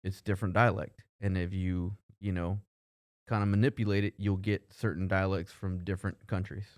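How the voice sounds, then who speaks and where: A man's voice: low voice, level tone, moderate pace, no room sound, studio quality. A man co-hosting a podcast in casual chat, laid-back and explaining things. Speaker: podcast co-host.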